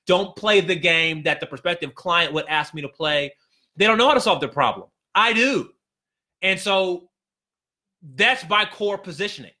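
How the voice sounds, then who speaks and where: A man's voice: high voice, expressive, moderate pace, bright, forceful tone. A man coaching business owners on a live stream, talking emphatically and repeating his key phrases with many restarts. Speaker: business consultant.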